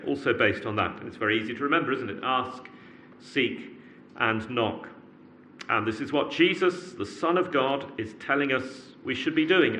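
A man's voice: medium pitch, sharp tone, slight background noise. A man preaching an evening sermon in an earnest way, repeating words as he builds emphasis.

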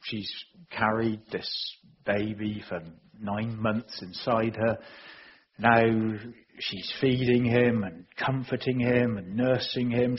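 A man preaching a sermon in an earnest, measured way, pressing his points home with emphatic repetition. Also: medium pitch, slightly rough. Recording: dull lo-fi recording.

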